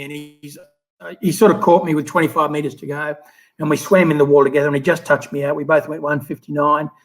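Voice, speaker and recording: A man in his fifties with an Australian accent, telling stories in a relaxed interview with lots of fillers and restarts. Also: on the high side, low-quality recording. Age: 50s. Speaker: guest, former Olympic swimmer. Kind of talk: casual interview storytelling.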